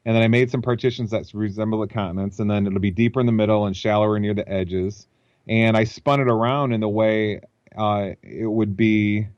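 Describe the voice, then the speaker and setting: A man with a low-pitched voice talks as a guest on a call, working his ideas out aloud at length. The audio is dry and dull, like a lo-fi computer mic. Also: fairly even intonation, fairly quick, a little mellow, dry recording. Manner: thinks aloud, explaining at length. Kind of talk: explanatory interview talk over a call.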